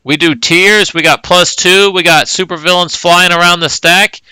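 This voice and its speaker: A man's voice: high voice, steady tone, normal speed, sharp tone, clean tone, dry recording, poor audio. A man casually commenting live on a tabletop card tournament, calling plays as they happen. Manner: casual, play-by-play calling of moves.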